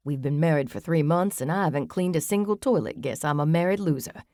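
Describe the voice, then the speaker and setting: A woman's voice: low voice, brisk, dark tone, dry recording, clean studio sound. A woman voicing a chatty, theatrical man who loves being the center of attention, reading a list aloud to friends in an audiobook. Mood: amused.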